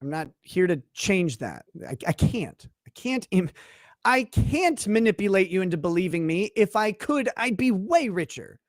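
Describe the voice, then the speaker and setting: A man's voice: sits high, very animated, normal speed, dry recording, studio quality. A man in a played stream clip, talking about someone in a dismissive, condescending, breezy way. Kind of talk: casual stream monologue.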